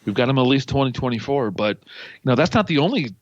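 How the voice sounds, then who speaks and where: A man's voice: mid-range voice, fast talker, dry recording. A man, a podcast guest, chatting casually and telling stories with enthusiasm. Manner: enthusiastic storyteller, animated. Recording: dull, dry lo-fi audio.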